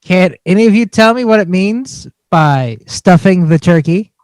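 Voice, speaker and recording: Man, podcast co-host, high voice, teasing, dry close mic. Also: lively intonation, measured pace, darkish tone, clear, resonant tone, no echo. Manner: teasing, reads tweets and segment prompts. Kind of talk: comedic podcast banter.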